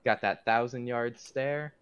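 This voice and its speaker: A man playing a tabletop game who talks casually and excitably, with plenty of swearing. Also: medium pitch, measured pace, smooth, lo-fi sound. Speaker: player.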